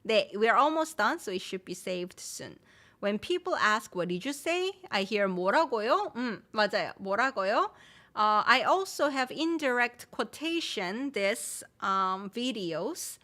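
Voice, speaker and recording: With a medium-pitched, animated voice and a sharp tone, a Korean teacher leads a live-streamed lesson at a moderate pace. A native Korean speaker, she switches between English explanations and Korean example phrases, which she repeats, and reads viewer names and comments aloud.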